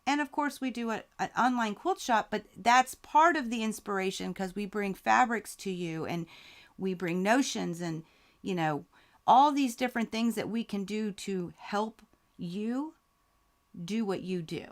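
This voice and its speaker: A woman's voice: medium pitch, expressive, measured pace. Emotional woman hosting a live quilting stream. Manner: heartfelt, emotional, grateful, reading viewer comments aloud. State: close to tears. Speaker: quilting channel host.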